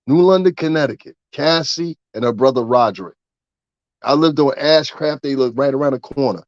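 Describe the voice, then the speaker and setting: A man ranting straight at his listeners, cursing freely and rambling from one point to the next, his voice climbing when he gets heated. His voice sits at a middle pitch. The recording sounds dry and a little dull and lo-fi. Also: moderate pace, no room sound. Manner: profane, animated, rambling. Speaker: vlogger. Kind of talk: ranting commentary.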